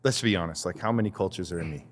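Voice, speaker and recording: Deep-voiced man, chatty and rambling. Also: very fast, long reverb tail. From Canada. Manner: rambling, restarts sentences, mimics accents when quoting people. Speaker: podcast guest, artist. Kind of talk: casual chat.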